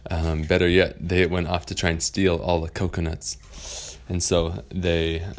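A man with a fairly low voice spins an improvised bedtime story. He talks in a relaxed, rambling way, with plenty of pauses and fillers.

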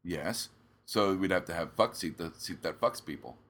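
Man podcast co-host, low voice with a bright, forceful edge, rambling jokey banter, close mic. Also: lively intonation, moderate pace. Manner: joking, rambling, many fillers and restarts. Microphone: studio microphone close up.

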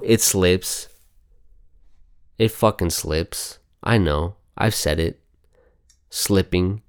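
A man's voice: sits low, darkish tone, clear, resonant tone. A man hosting a casual news commentary show, reading headlines aloud and reacting bluntly with heavy swearing. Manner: blunt, outspoken. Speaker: host.

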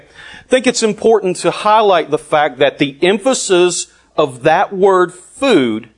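A man preaching a sermon, deliberate and emphatic, with long pauses. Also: a little high.

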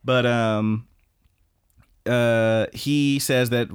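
A man hosting a podcast, casually retelling scenes and breaking into excited asides. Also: mid-range voice, a little slow, clear, resonant tone. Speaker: podcast host. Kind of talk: casual episode recap.

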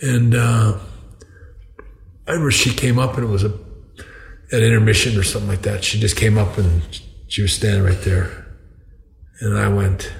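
Older male guest with a low, gravelly voice, rambling storyteller, roomy echo. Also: little pitch movement, moderate pace, long pauses. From Canada. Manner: rambling, restarts often, laughs at his own stories. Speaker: podcast guest. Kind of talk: casual storytelling. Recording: echoey room.

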